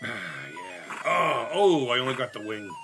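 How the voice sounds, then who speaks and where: A man hosting a live gaming stream. He is sick, and his voice sounds higher than usual. He chats casually, cracks jokes, swears a lot, and shouts at the game. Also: big pitch swings, takes it slowly, music in the background. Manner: profane, joking, loud outbursts at the game. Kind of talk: casual live-stream chat while playing.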